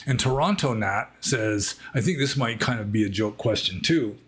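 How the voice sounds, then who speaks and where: A Buddhist monk answering viewer questions in a casual monologue, thinking aloud and rambling with frequent "I mean" asides. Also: male voice, lowish voice, lively intonation, moderate pace, breathy edge.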